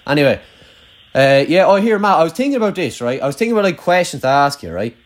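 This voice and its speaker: A man's voice: a little high, big pitch swings, fast. A young Irish man who hosts, telling rambling, sweary, self-mocking stories in casual banter with an old schoolmate.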